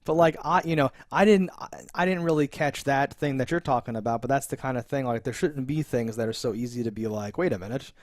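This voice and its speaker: A man in a casual podcast-style review, rambling and animated, full of fillers and quick laughs. His voice sits at a middle pitch. The sound is dry and close. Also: dry recording. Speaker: podcast co-host reviewing a TV episode.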